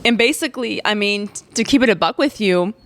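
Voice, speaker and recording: A woman's voice: medium pitch, a little fast, a bit bright. A young woman podcast host, telling a personal story in a chatty way, full of "like". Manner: chatty, heavy on fillers like "like".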